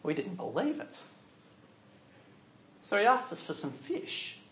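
A man with a fairly high voice tells a story in the first person, slow and dramatic, dropping to a hush and then rising loud. He sounds like he is speaking in an echoey room. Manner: expressive storytelling, shifting from hushed to loud. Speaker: preacher telling a Bible story.

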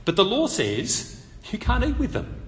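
A man's voice: sits high, a little slow. Man preaching in an echoing hall. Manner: conversational, animated, with light humor. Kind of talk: expository sermon at a public meeting. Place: meeting hall. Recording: long reverb of a meeting hall.

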